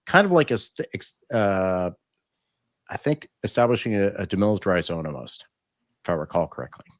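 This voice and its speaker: A man hosting a TV review podcast, reading a scripted intro and then explaining plot points in casual chat. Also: on the low side. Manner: explanatory, with frequent fillers and restarts in chat. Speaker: podcast host reviewing TV episodes.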